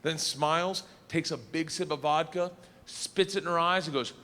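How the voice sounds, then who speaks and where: A middle-aged man doing stand-up storytelling on stage, animated, laughing and yelling his punchlines. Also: on the high side, slow pace, pauses often. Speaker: stand-up comedian. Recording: clip with long hall reverb and faint noise.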